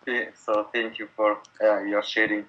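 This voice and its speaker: A man from Bulgaria calling in to a teacher, asking a question haltingly with many pauses and nervous laughs. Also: lowish voice, level tone, bright, forceful tone, lo-fi sound. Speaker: caller.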